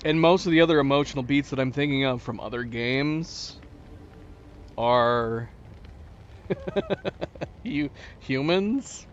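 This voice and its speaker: A man reacting emotionally while commenting on a video game, halting and searching for words. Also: mid-range voice, muffled recording, a little hiss or hum. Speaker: gaming channel host. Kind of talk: emotional let's play commentary.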